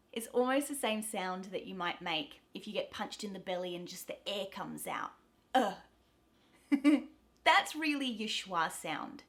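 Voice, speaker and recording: A young woman with an Australian accent giving a pronunciation lesson to camera, cheerful and clearly enunciated. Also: medium pitch, fairly bright tone. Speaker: pronunciation teacher.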